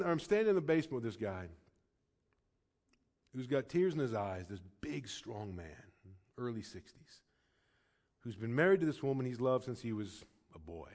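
A man preaching a sermon as pastor, telling a personal story with emphatic stretches and soft, hushed passages, sometimes stammering and restarting. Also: on the low side.

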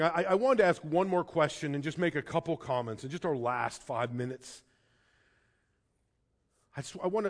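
A man preaching a sermon in earnest, swinging between hushed and emphatic lines, often repeating words as he starts a sentence. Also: fairly high pitch. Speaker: pastor.

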